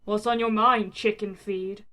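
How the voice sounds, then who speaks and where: A woman voicing a gruff, foul-mouthed young male fighter who snarls sarcastic insults. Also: high-pitched, fairly even intonation, a little slow, pushed and bright. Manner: snarling, sarcastic, swears constantly.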